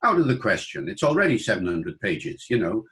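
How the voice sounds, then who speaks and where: A man's voice: lowish voice, sing-song, a little fast, a bit bright, low-quality recording. An older British man, a linguist guest in an interview, explaining in an engaged way and demonstrating pronunciations aloud. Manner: explanatory, demonstrates accents by voicing examples. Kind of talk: interview conversation.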